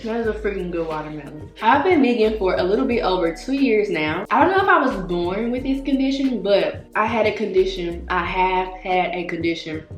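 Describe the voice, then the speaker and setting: A young woman talks casually to her camera, chatty and playful, and sometimes drops to soft murmurs between bites. Her voice sits in the middle of the usual range for a woman. She is recorded in an echoey room with faint music playing underneath. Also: medium pitch, animated, fairly quick, few pauses. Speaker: wellness vlogger.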